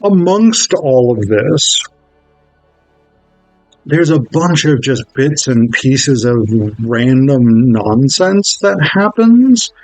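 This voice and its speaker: A man's voice: medium pitch, big pitch swings, drawn-out words, dry recording, faint music behind, poor audio. A man reviewing a film in a casual, wry video essay, swearing freely as he talks.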